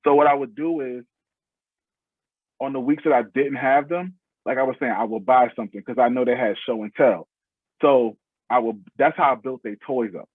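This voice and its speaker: Husky, earnest male podcast guest on a thin, phone-like line, heartfelt and conversational. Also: mid-range voice, moderate pace, no room sound. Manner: earnest, heartfelt, speaks in loose restarting phrases. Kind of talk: casual interview storytelling.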